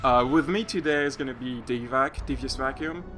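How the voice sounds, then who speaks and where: Host of a let's play, mid-pitched, casual and halting, game music underneath. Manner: casual, hesitant with fillers.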